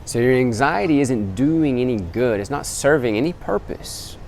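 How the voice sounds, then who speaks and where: A man vlogging outdoors beside a temple, talking earnestly to camera as he calls his listeners gentlemen. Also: mid-range voice, expressive, moderate pace, vocal fry, a little hiss or hum. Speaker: travel vlogger. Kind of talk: casual motivational talk to camera.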